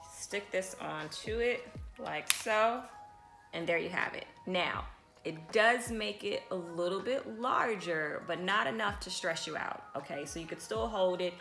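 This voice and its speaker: A lower-pitched woman talking casually to her viewers, chatty and reassuring as she shows off a small camera. She speaks into a pocket camera's built-in mic, partly outdoors on a windy beach. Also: gravelly, pushed and bright. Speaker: vlogger. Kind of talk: casual product vlog. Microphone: handheld pocket camera mic.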